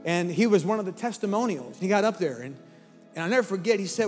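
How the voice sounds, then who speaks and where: A man's voice: high-pitched, animated, fast. A man preaching as a pastor, telling a story and leading an altar call, impassioned and at times almost singing his words. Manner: impassioned, rising to near-singing fervor. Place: large church hall with congregation. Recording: long hall reverb with soft music and crowd.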